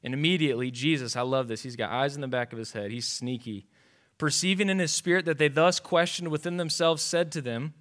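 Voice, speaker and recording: Male pastor, mid-pitched voice, emphatic, repeats lines and asks the room questions. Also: fast talker, a bit bright. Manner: emphatic, conversational preaching with repetitions and rhetorical questions. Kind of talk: sermon.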